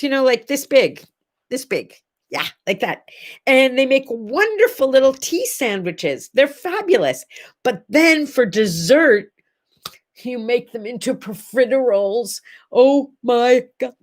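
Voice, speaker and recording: A middle-aged woman with a fairly high voice hosts a relaxed morning chat show. She talks straight to her camera, gushing and rambling, and keeps slipping into little asides. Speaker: host. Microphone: talking to a camera.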